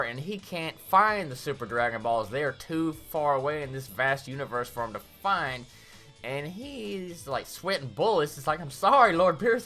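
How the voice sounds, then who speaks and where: A woman giving a casual, rambling review of a cartoon episode, recapping scenes in a chatty way. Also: a bass voice. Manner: rambling, animated recap with quick acted-out quotes.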